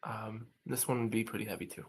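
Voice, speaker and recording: A man playing a tabletop game, speaking in a calm, matter-of-fact way. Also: lowish voice, fast talker, husky. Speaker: player. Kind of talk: tabletop role-play.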